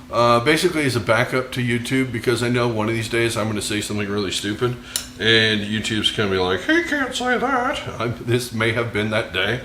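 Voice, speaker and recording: A man's voice: mid-range voice, sharp tone, roomy sound, slight background noise. An American man hosting a cooking show, talking casually through a recipe with rambling, self-mocking jokes. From United States. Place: kitchen.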